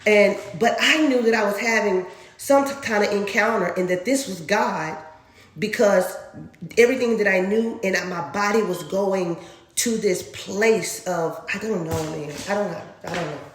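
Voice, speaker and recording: A woman from Dallas, telling a personal faith testimony in a lively way, acting out sounds and laughing often. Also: medium pitch, normal speed. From Dallas, Texas. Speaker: storyteller sharing a faith testimony. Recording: roomy echo.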